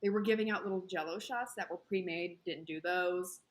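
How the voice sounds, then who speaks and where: A woman with a Southern American accent, co-hosting a travel podcast and telling a story in a casual, animated way, acting out the voices of the people in it. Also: lowish voice, moderate pace. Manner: animated, acts out quoted dialogue. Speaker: podcast co-host.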